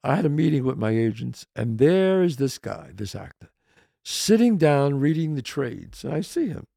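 A man, hosting a podcast and telling a casual, animated anecdote that shifts into quoted voices. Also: mid-range voice, normal speed, vocal fry, dry recording, clean studio sound. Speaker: podcast host. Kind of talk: casual storytelling.

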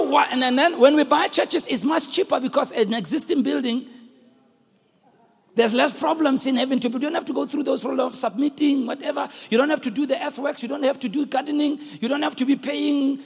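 A middle-aged South African pastor preaches a sermon in a large hall, telling a story and calling out to the congregation in shouted, sung-out bursts. His voice is very high and creaky.

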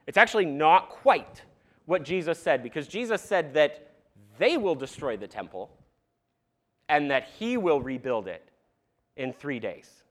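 A young man preaching a sermon to a congregation in a church, animated and conversational with asides to the crowd. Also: fairly high pitch, a little slow, long pauses. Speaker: pastor. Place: church sanctuary.

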